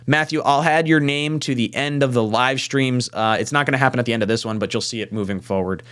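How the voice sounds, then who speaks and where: A man hosting a live fan podcast panel, reading viewer super chats and chatting casually, with animated swearing asides. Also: medium pitch, fast, smooth. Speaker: podcast host.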